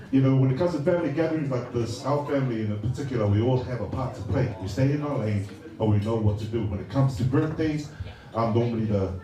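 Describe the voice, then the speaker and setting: A middle-aged man from Samoa gives a casual, joking speech at a birthday party, hesitant and full of fillers. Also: medium pitch. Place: large party hall. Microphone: handheld mic. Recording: echoey hall from far off, noisy.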